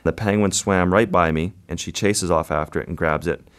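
A man, a guest photographer, recounting an encounter in a vivid, measured way during an interview. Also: deep voice, smooth. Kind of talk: storytelling interview.

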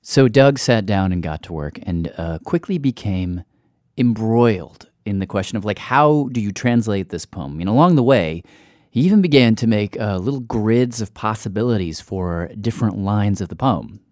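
A man's voice: on the low side, expressive, moderate pace, darkish tone, dry recording, studio quality. A man hosting and narrating a story in a loose, conversational way. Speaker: host and narrator.

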